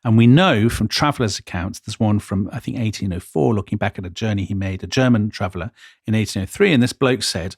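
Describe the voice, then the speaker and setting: A man's voice: lowish voice, fairly quick. A man tells history stories to his co-host with real enthusiasm, reading out old quotes with relish. The sound is dry and close, with no room echo. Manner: enthusiastic storyteller, quoting old accounts with gusto. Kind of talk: storytelling history chat.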